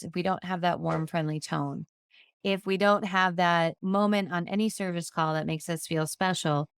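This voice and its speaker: A woman's voice: lowish voice, clean tone, no room sound, studio quality. A woman giving a conversational, practical training talk on customer service. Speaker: insurance agency trainer.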